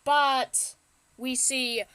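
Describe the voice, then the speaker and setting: A young woman with a high, bright voice recaps a film at an easy, slow pace. She rambles, laughs often and drifts into game talk. The sound is dry and close. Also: steady tone, smooth, no echo. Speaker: podcast co-host. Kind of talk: casual movie recap chat.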